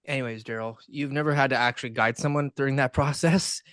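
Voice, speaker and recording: A man's voice: medium pitch, steady tone, fast, a bit bright, clear, resonant tone, dry recording, studio quality. A man co-hosting a casual podcast, laid-back and chatty, often laughing. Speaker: podcast co-host. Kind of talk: casual chat.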